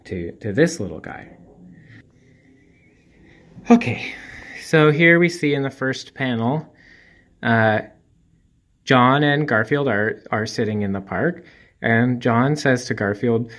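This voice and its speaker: A man's voice: mid-range voice, slow, long pauses, fairly bright tone. A man giving a casual spoken review of a comic strip, hesitant and full of ums and restarts, with a dry, wry humour.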